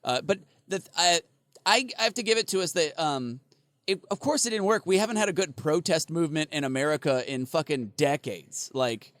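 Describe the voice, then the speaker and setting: A man's voice: fairly high pitch, animated, a little fast, a bit bright, no room sound, studio quality. A man co-hosting a casual podcast, rambling, laughing and swearing freely. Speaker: podcast co-host.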